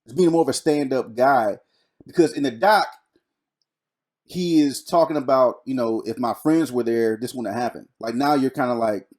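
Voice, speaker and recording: A man co-hosting a podcast in a relaxed, slangy way, often restarting his sentences. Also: medium pitch, moderate pace. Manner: laid-back, slangy, hesitant restarts. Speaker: podcast co-host. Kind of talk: casual chat.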